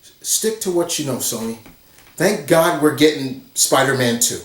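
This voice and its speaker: In a movie commentary vlog, a man with an animated, medium-pitched voice rants bluntly and profanely at a moderate pace, clearly exasperated. He sounds far from the mic, with a roomy echo.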